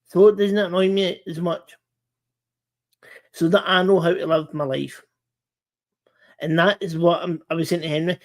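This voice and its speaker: Hosting a relaxed livestream conversation, this high-voiced man talks sincerely but haltingly, often restarting and repeating words.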